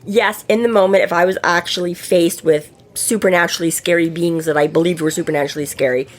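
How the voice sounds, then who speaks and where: Low-voiced woman, rambling chatty co-host. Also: fairly even intonation, fast talker. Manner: rambling, full of likes and you-knows. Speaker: podcast co-host. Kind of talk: casual book-club chat.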